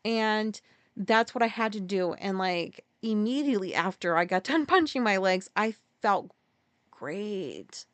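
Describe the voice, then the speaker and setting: A woman hosting a podcast, candidly telling a personal story in a halting, profane way, full of restarts and sudden jumps up in pitch. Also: smooth, no echo. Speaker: podcast host.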